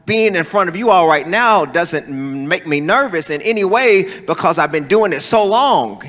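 A man's voice: high-pitched, moderate pace. A man preaching a sermon in a church, telling stories and calling on the congregation to respond. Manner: animated, folksy storytelling with call-and-response. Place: large church hall. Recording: reverberant church hall.

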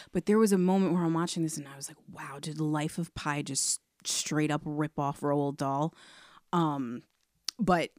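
Low-voiced woman in casual talk. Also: no room sound, studio quality. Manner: relaxed and agreeable, with frequent fillers. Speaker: podcast co-host. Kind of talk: casual film discussion.

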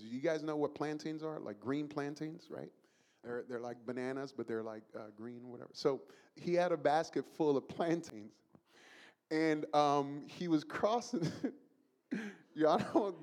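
A man from the Bronx, preaching a sermon as an animated storyteller who laughs through his own story. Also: on the high side. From the Bronx, New York.

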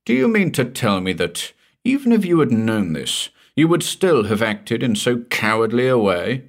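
A man's voice: mid-range voice, very animated, moderate pace. A man voicing a stern, pompous middle-aged coroner who questions a witness impatiently.

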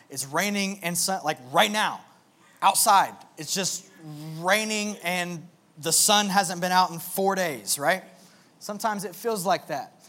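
Young male pastor with a high voice; conversational, earnest sermon delivery. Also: a bit bright. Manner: conversational, earnest, with filler words.

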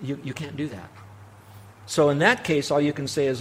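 A middle-aged man delivers a sermon in a slightly high-pitched voice. He speaks with earnest conviction, pushing hard on key phrases before easing into soft, reflective asides. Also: moderate pace, long pauses, husky. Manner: earnest preaching, rising to emphatic peaks and dropping to quiet asides. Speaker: pastor.

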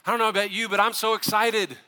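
A man preaching a sermon as pastor, animated and building to fired-up preaching with asides to the congregation. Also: sits high, quick pace, long reverb tail. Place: church sanctuary.

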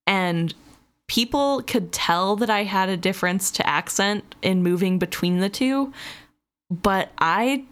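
A woman's voice: fairly low pitch, a bit bright, smooth. A young woman from the US Midwest co-hosting a podcast, chatty and giggly, laughing between her thoughts. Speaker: podcast co-host. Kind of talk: casual chat.

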